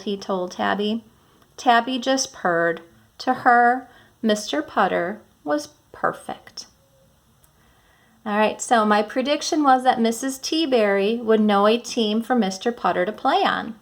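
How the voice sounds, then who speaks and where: A woman teacher reading a children's chapter book aloud and explaining predictions and punctuation in a clear, instructive way. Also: mid-range voice, a little slow.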